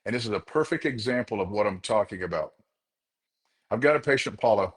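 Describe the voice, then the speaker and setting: A man's voice: fairly low pitch, animated, a little fast. A man who works as a chiropractor, telling a story to a group in an earnest, motivational way. He speaks to them directly and repeats words for emphasis. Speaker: chiropractor leading a group session.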